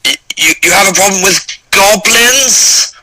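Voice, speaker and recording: A man plays a tabletop game, talking playfully and hesitantly with lots of restarts. His voice sits fairly high. Heavy noise covers the call audio. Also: unhurried. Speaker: player. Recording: loud noisy call audio.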